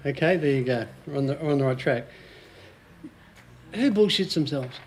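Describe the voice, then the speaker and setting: A man's voice: mid-range voice, animated, moderate pace, a little mellow, a little hiss or hum. An Australian man in his forties, a business coach giving a casual, joking seminar talk to a small group and quizzing the audience.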